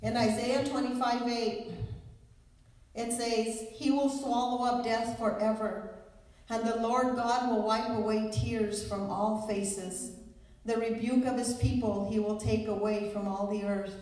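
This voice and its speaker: A woman's voice: on the high side, flat delivery, unhurried, darkish tone. Woman preaching in an echoey church. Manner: earnest preaching, quoting scripture and telling a story. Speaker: pastor. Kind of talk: sermon. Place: church sanctuary. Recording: echoey hall, voice from a distance.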